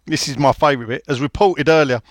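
A man's voice: a little high, fast, dry recording, studio quality. A man co-hosting a casual football podcast, chatty and teasing. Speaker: podcast co-host.

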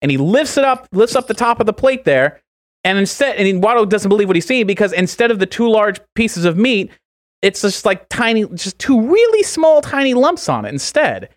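A man's voice: sits high, sing-song, moderate pace, no echo, clean studio sound. A man co-hosting a podcast, telling a long joke in a rambling style full of fillers. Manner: rambling, filler-heavy storytelling. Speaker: podcast co-host.

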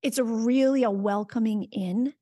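A woman's voice: a little high, normal speed, warm tone, no echo, studio quality. A woman in her thirties, a podcast guest, talking candidly about parenting, swearing freely and acting out little quoted exchanges. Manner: frank, profane, acts out quoted voices. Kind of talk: candid casual chat.

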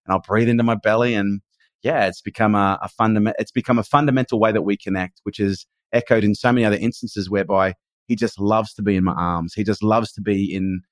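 A man's voice: on the low side, fairly even intonation, fast talker, no echo. A man, in his forties, talking earnestly as a podcast guest in casual conversation. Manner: earnest and emphatic, swears casually.

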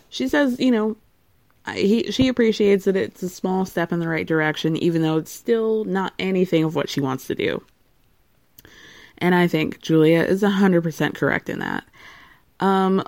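A woman hosts a podcast in a loose, chatty recap style. She laughs often and breaks in with blunt asides. Her voice is mellow and sounds close and dry. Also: on the low side, no room sound. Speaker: podcast host. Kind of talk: casual recap chat.

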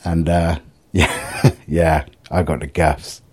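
Very deep, husky rambling man. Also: flat delivery, slow, darkish tone. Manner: rambling, self-mocking, sweary. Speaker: vlogger. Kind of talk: casual solo video diary.

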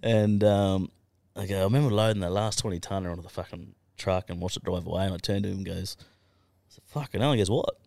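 A man's voice: sits low, level tone, fast, vocal fry, dark tone, no echo, clean studio sound. An Australian man, a podcast guest, telling his life story in a casual, profane way and laughing now and then. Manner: swears constantly, laughs through his story.

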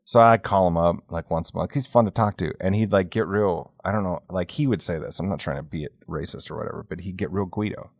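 A low-pitched man co-hosting a podcast tells profane stories in relaxed conversation, laughing all the way through. He does quick impressions of the characters along the way, and the recording is dry with studio quality.

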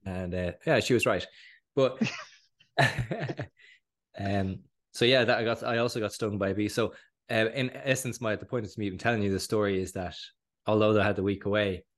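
Irish man, podcast co-host, low-pitched, slightly hoarse, casual rambling chat. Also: moderate pace. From Ireland. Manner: rambling, self-interrupting, laughs often.

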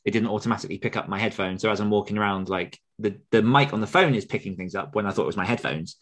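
A man co-hosting a casual podcast with a fairly low voice. He talks in a relaxed, rambling way, full of ums and likes. He sounds easygoing as he works through his updates. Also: rapid-fire. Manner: relaxed, rambling, lots of fillers. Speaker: podcast co-host.

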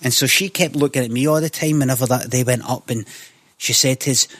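Scottish man, animated sweary storyteller, middle pitch, dry close sound. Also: fairly quick, no room sound. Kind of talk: casual storytelling.

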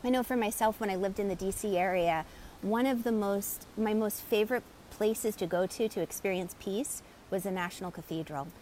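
A woman energy coach telling client stories in an animated way and greeting live viewers by name. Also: mid-range voice, moderate pace, a little hiss or hum. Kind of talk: live-stream teaching talk.

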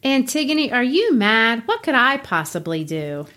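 A woman's voice: fairly high pitch, very animated, a little slow, a bit bright, pitched above the performer's own voice. A woman reading the part of a fearful, timid young woman, pleading anxiously in a classroom play reading. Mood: uneasy. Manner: pleading, anxious read-aloud.

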